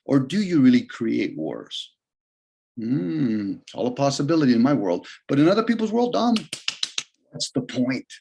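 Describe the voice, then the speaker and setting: A man talking on a video call in a casual, rambling way, arguing his points and often jumping in pitch for emphasis. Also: very animated, moderate pace, creaky, a little mellow. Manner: rambling, argumentative, shifts pitch often for emphasis and quoted voices.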